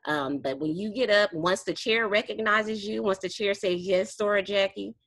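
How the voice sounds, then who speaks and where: Over a video call, a woman walks a study group through meeting procedure, laughing often and correcting herself along the way. Her mid-range voice is a bit bright, at normal speed, with no echo.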